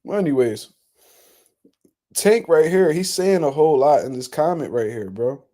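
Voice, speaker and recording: A man's voice: fairly high pitch, lively intonation, moderate pace, warm tone. A man hosting casual boxing reaction commentary, ranting in a blunt, profane, incredulous way.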